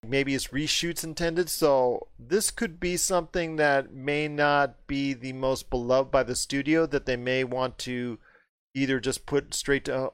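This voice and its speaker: Guy hosting a movie chat, smooth clear voice, dry close mic, gets worked up and pitchy when stuff doesn't make sense. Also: no echo. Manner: animated, rising in pitch when exasperated. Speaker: podcast host.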